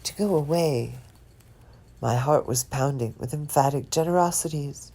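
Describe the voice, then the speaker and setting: A woman giving a slow, dramatic poetry reading, expressive and dropping some words to a whisper. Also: sits low, slightly rough. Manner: lingers on and repeats single words. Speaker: poetry reader.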